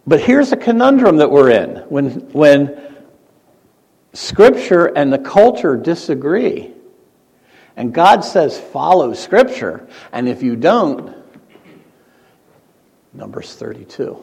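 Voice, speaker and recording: A male pastor preaches with a lively, swinging voice that climbs to emphatic peaks and drops to hushed asides. His sermon rings out in a church sanctuary, with a long reverb trailing every phrase. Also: fairly high pitch, slow, vocal fry, long pauses, husky. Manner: animated preaching, rising to emphatic peaks and dropping to quiet asides.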